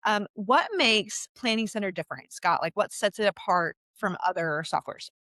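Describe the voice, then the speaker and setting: A woman's voice: mid-range voice, normal speed, fairly bright tone, dry recording. A woman hosting a casual live interview, chatty and enthusiastic. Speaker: host.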